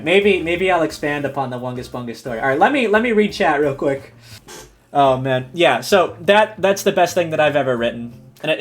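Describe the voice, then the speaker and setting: A man streamer reading a silly story aloud and chatting with his viewers, animated and giggly. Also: on the high side. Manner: animated, giggly, breaks into laughs.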